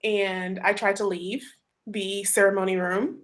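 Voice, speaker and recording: A woman hosting a casual group chat, telling a story in an animated way, full of fillers and laughter. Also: medium pitch, measured pace. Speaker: host.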